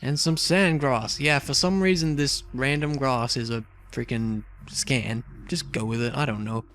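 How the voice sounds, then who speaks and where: A man's voice: mid-range voice, unhurried, a bit bright, soft background music. A young man casually commenting on a video game as he plays, chatty and rambling, with lots of fillers and asides. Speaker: let's play host.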